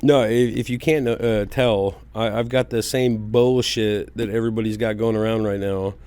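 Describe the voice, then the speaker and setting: A man with an Oklahoma accent co-hosting a casual podcast, playful and quick to laugh, swearing freely. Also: fairly low pitch, steady tone, darkish tone, clear, resonant tone. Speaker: podcast co-host.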